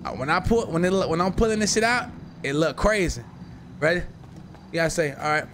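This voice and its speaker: Brash high-voiced man coaching in game chat. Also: lively intonation, fairly bright tone, a little hiss or hum. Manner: brash, profane, coaching, quick restarts. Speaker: streamer playing a roleplay game.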